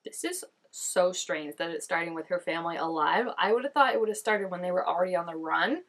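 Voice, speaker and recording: A woman's voice: lowish voice, fairly quick, a bit bright. Chatty young woman reacting to a show. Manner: chatty, lots of "like", gasps and exclaims while watching. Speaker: reaction vlogger. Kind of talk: casual reaction commentary.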